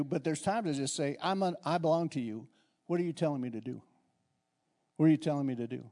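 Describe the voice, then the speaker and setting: A middle-aged male pastor preaches in a church, his voice sitting a little high for a man. He talks conversationally, circling back over phrases and restarting sentences as he goes. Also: mellow. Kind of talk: sermon.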